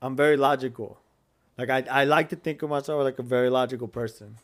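A man's voice: mid-range voice, fairly even intonation, quick pace. A man co-hosting a casual podcast, telling a story with lots of swearing, laughter and Spanish slang. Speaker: podcast co-host. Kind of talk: casual chat.

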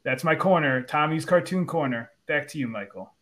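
A man's voice: a little high, animated, moderate pace, a bit bright. Easygoing male podcast co-host. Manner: easygoing, joking. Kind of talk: casual podcast chat.

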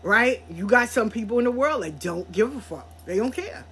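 A woman hosting a podcast, telling a story in a blunt, profane, animated way. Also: a little high, normal speed, breathy edge, soft background music. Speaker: podcast host. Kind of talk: casual storytelling monologue.

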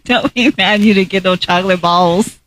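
A woman's voice: mid-range voice, normal speed, fairly bright tone. A woman co-hosting a casual podcast, telling stories with frequent giggles. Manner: giggly storytelling, frequent laughter. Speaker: co-host.

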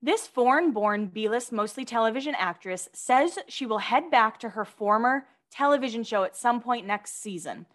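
A woman's voice: a little high, expressive, moderate pace, few pauses, fairly bright tone. A woman co-hosting a podcast, chatting casually and reading out celebrity gossip items with gushing asides. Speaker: podcast co-host.

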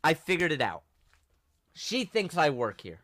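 A young man hosting a podcast, telling a story in a casual, animated way and acting out the quotes. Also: fairly high pitch, a little slow, no echo, clean studio sound. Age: young adult. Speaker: podcast host.

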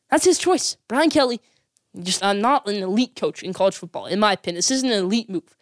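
Fast-talking woman ranting about college football. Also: medium pitch, big pitch swings, no echo, clean studio sound. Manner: emphatic, repeats points for effect. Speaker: sports vlogger. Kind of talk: opinionated college football commentary.

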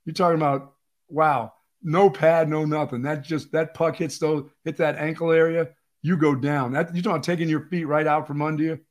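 A man from Pennsylvania co-hosting a sports radio show, telling stories in an animated, emphatic way with lots of repeated phrases. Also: on the high side, brisk. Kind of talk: casual sports talk.

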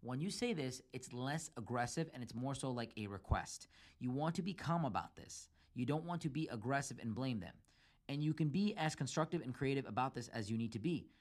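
A man talks quickly through relationship advice on his podcast, laying it out step by step. He speaks at a mid pitch and grows emphatic when he mimics a partner's complaints. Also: animated. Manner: emphatic, acts out quoted arguments in a raised voice; lays out numbered steps. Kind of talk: solo advice talk.

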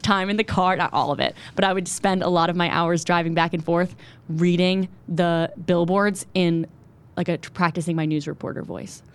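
A young woman in her twenties, a TV news reporter, telling her story quickly and animatedly as an interview guest. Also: fairly low pitch, steady tone, smooth. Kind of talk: conversational interview.

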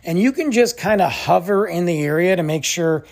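Man, podcast host, exasperated storytelling, husky voice. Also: high-pitched, moderate pace. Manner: animated, exasperated, acts out others' lines. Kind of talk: casual storytelling rant.

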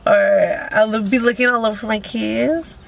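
A woman's voice: fairly high pitch, a little slow, gravelly. A young woman guest telling stories casually and bluntly, swearing freely, in a car. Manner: animated, profane storyteller. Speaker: podcast guest. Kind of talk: casual chat. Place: inside a parked car. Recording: faint background noise in a car.

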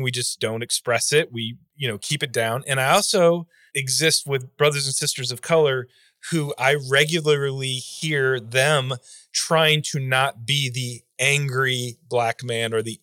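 A man's voice: mid-range voice, bright, forceful tone, clear, resonant tone, no room sound, studio quality. A man hosting a podcast interview who asks thoughtful, carefully framed questions. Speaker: podcast host.

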